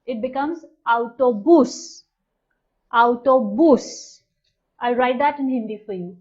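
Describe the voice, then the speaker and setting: A woman teaching a language lesson, saying each new word slowly and clearly and then repeating it. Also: a little high, a little mellow. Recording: dull, slightly lo-fi sound.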